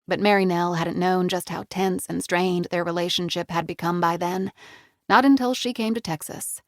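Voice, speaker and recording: A woman's voice: lowish voice, steady tone, normal speed, no room sound, clean studio sound. A woman narrating an audiobook in a scripted reading style.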